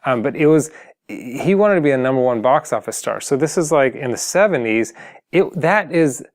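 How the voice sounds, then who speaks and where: A man's voice: mid-range voice, animated, normal speed. A man giving motivational advice on singing, talking casually and earnestly to the camera, full of fillers and restarts. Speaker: singing coach.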